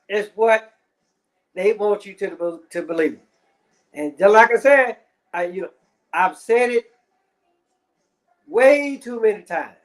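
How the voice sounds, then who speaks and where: A man ranting in casual commentary, heavy on swearing and repeated fillers. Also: high-pitched. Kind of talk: profane rant.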